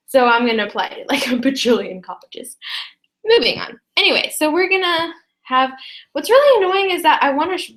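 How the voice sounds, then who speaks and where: A teenage girl chatting casually to her viewers, rambling with many fillers and quick apologies. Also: on the high side, fairly bright tone. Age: teens. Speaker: student vlogger. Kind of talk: casual chat to camera.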